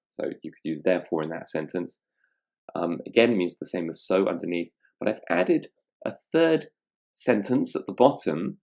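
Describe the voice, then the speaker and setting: A middle-aged man teaching grammar over slides, reading example sentences aloud and explaining them in an unhurried way with frequent ums. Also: sits low, animated, a little mellow. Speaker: online English tutor.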